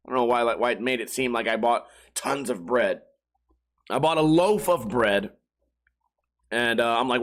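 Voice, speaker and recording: A man's voice: medium pitch, moderate pace, pauses often, fairly bright tone. A man hosting a solo podcast, telling rambling profane stories and slipping into mock voices. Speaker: podcast host. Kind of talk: casual solo rant.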